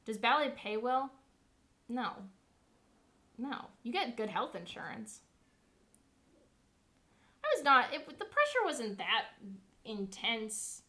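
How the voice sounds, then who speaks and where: A young woman on a livestream talks in a bright, sharp voice that sits a little high. She tells stories in an animated, foul-mouthed way with a sarcastic edge. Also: takes it slowly, pauses often. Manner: profane, animated storytelling. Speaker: streamer. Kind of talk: casual livestream chat.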